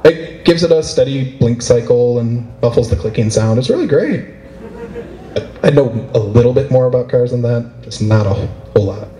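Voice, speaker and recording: A man performing a stand-up comedy routine for a live convention audience, with a playful, animated delivery. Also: mid-range voice, normal speed. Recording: roomy echo of a convention hall.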